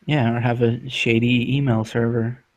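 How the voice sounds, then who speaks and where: A man's voice: mid-range voice, little pitch movement, normal speed, highs cut off. A young man chatting casually in an online lobby, making crude jokes and swearing. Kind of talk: casual chat.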